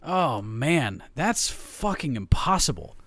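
A man co-hosting a sports podcast, chatting casually with a joking, profane, animated way of talking. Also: mid-range voice, slow pace.

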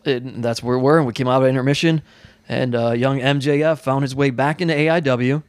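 A fast-talking man on a podcast who keeps jumping in with short replies and quick recaps. His voice sits in a middle register, and the recording is dry and close. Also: medium pitch, steady tone, no echo. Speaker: podcast co-host. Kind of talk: casual podcast chat.

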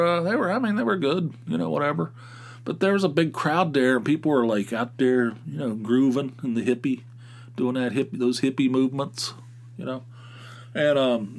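A man from Pennsylvania hosting a podcast, telling a rambling, wry story with profane asides. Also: mid-range voice. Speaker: podcast host. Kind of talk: casual storytelling monologue.

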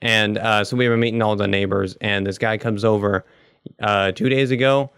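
A man's voice: on the low side, fairly even intonation, moderate pace, fairly bright tone, smooth, no room sound, studio quality. Rambling young man on a podcast. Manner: rambling, hesitant storytelling with many fillers. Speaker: podcast co-host. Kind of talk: casual chat.

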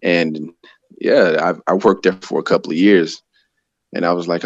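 A man's voice: low voice, fairly even intonation, normal speed, no echo, lo-fi sound. A man guesting on a podcast as a pro wrestler, talking in a laid-back, easygoing way with frequent laughs. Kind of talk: casual chat.

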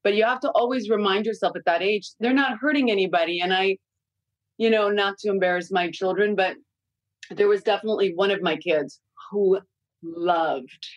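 A woman in her forties talks candidly into a studio mic, swearing freely as she spins animated parenting stories. Her voice is mid-pitched and dry, with no room echo. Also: normal speed, muffled recording. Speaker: guest consultant. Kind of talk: casual podcast chat.

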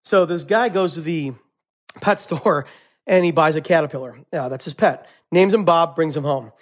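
A man's voice: fairly high pitch, normal speed. A man, a chef, answering interview questions casually with frequent fillers and laughs. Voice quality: laughs often, rambling with repeated fillers. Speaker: chef guest.

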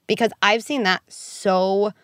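Woman on a podcast, talks fast and animated, mid pitch, dry mic. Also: no room sound. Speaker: guest expert on parenting. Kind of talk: podcast conversation.

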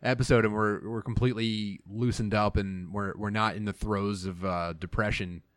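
Man, podcast co-host, low pitch, dry sound, joking and profane. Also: steady tone, normal speed, dry recording. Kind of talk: casual chat.

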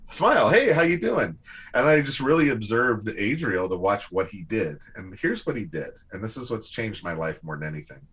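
A guest with a low, husky male voice shares a personal story with a host in a relaxed, conversational manner. He gets animated and lively, raising his voice as the tale builds, and talks fairly quickly with hardly any pauses.

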